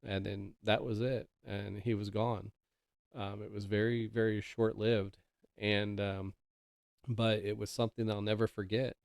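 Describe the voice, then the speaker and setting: A male podcast host tells a story in a loose, rambling way, full of ums and restarts. His voice sits low with a gravelly edge. The sound is dry and close, with no room around it. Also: level tone, measured pace, a little mellow, no room sound. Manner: rambling, filler-heavy, conversational. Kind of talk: casual storytelling.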